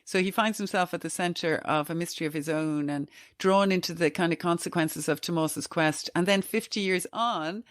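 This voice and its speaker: A woman's voice: fairly low pitch, normal speed, hardly any pauses, no echo, studio quality. A woman hosting a book podcast, eagerly recommending a novel. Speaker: podcast host. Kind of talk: casual book chat.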